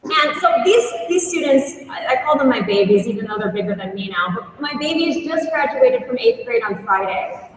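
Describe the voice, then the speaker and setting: A woman teacher giving a conference talk, telling stories in an earnest, animated way. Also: high-pitched, moderate pace. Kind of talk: storytelling presentation. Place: large conference hall. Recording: echoey hall, voice from far off.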